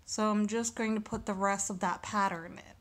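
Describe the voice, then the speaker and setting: A woman teaching a recorded lesson, speaking slowly and deliberately and sounding out syllables one by one. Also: mid-range voice, fairly even intonation.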